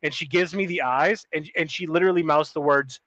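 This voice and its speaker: A man's voice: on the high side, brisk, fairly bright tone, no echo, lo-fi sound. A man co-hosting a podcast, telling a long story in a rambling, profane, casual way with many restarts. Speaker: podcast co-host.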